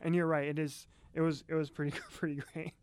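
A man's voice: a little high, little pitch movement, brisk, darkish tone, clear, resonant tone, dry recording. A man co-hosting a casual podcast, chatting in a folksy way and speaking straight to his listeners. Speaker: podcast co-host. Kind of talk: casual chat.

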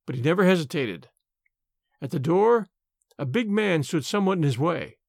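A man reading a classic short story aloud, expressive and varied. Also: a little high, moderate pace, vocal fry, dry recording, studio quality.

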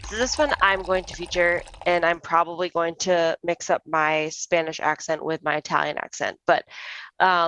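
A woman's voice: on the low side, steady tone, normal speed, a bit bright, smooth, dry recording. A young woman co-hosting a podcast, chatting casually and recommending a wine with lots of fillers. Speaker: podcast co-host.

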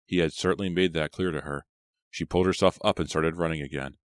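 Male audiobook reader, horror story, extremely deep voice, steady and measured, dry close sound. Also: smooth, no room sound. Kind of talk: scripted horror audiobook narration.

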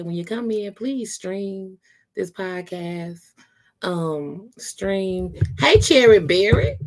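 Woman podcast host, casual and low-energy, chatty with easy laughs. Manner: laid-back, chatty, laughs often. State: tired, low energy after a workout.

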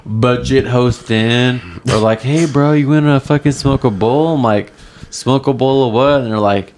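A man's voice: mid-range voice, measured pace, a little mellow, a little hiss or hum. A man in a casual podcast chat, laid-back and peppering his talk with "like" and "bro".

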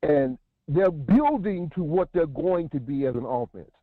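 Energetic man analyst on a tinny phone line. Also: a little high, a little slow, dry recording. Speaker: guest analyst calling in. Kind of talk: casual sports analysis. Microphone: phone call.

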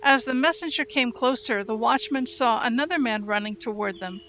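A woman reading scripture aloud in a measured, storytelling way. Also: a little high, fairly bright tone, slight background noise. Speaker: Bible reader.

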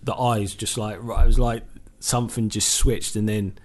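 A former footballer from England, a podcast guest telling a story in casual chat, animated and swearing freely as he acts out what was said. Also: lowish voice, normal speed.

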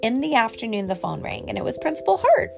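A woman reading a children's picture book aloud to a child in an expressive, sing-song storytelling way. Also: a little high, quick pace, vocal fry, music in the background. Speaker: reader.

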